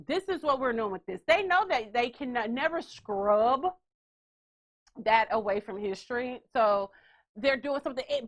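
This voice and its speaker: Lady podcast host, high voice swinging all over, loud and playful. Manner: animated, loud storytelling with playful asides. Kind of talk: casual chat.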